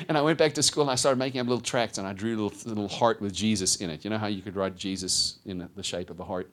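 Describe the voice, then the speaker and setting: A man preaching a sermon, telling his own story with lively storytelling and acted-out voices. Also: lowish voice, fast, hardly any pauses. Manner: animated storytelling, acts out voices. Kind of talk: sermon testimony.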